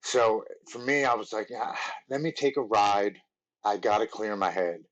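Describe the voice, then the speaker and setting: A man in his forties, a podcast guest, telling his recovery story in an earnest, halting way with many restarts. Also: fairly low pitch, muffled recording. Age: 40s.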